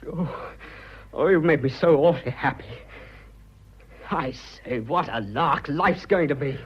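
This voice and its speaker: A man's voice: fairly high pitch, unhurried, husky. An English actor playing an earnest, bashful young businessman declaring his love, in 1940s radio acting. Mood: flustered, ardent. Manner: bashful, blustering, eager. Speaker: suitor. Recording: dull old radio broadcast.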